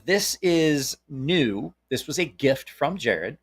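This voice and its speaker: A man's voice: on the high side, lively intonation, slow pace. A man with a Southern American accent hosting a casual knife chat, blunt and opinionated, swearing freely, with lots of stops and restarts. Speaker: knife channel host. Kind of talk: casual live-stream chat.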